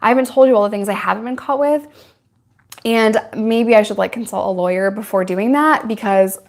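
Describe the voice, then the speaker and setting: A young woman faces the camera to answer viewer questions in a relaxed Q&A chat. Her ordinary mid-range voice is slightly mellow and a bit fast, and she comes across as candid and talkative, laughing often.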